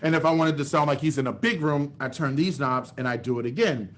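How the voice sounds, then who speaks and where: Into a large microphone feeding a voice box, a children's storyteller and music teacher leads storytime, sing-song, quizzing the kids and praising them. His voice is a little high and a little fast.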